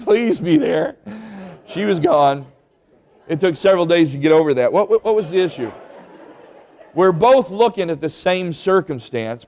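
A man's voice: fairly high pitch, a little mellow. A middle-aged man preaching a sermon, emphatic and full of rhetorical questions. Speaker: pastor. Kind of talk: sermon with storytelling.

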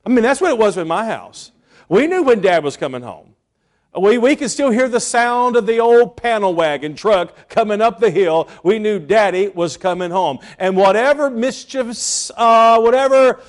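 A middle-aged male pastor preaching a sermon, telling stories with sudden swings from loud bursts to hushed asides. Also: high-pitched, animated, measured pace.

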